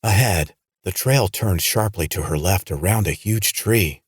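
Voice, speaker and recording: A man narrating a horror audiobook with dramatic, lively storytelling. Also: low-pitched, unhurried, breathy edge, no room sound, clean studio sound.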